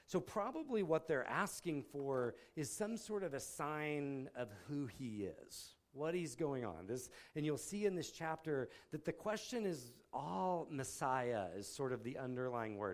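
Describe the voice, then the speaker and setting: A man's voice: medium pitch, lively intonation, normal speed. A man speaking at a campus ministry, giving a casual, conversational sermon with folksy, explanatory asides.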